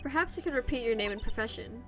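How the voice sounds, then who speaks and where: A stern older male judge in a courtroom game, formal and clipped in his warnings, as a woman reads him out. The voice stays fairly high. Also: animated, quick pace, music in the background, natural voice.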